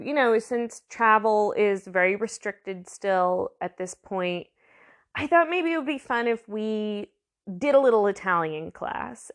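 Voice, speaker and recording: A woman's voice: mid-range voice, fairly bright tone. A woman giving a casual, rambling language lesson, full of fillers and restarts. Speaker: language tutor.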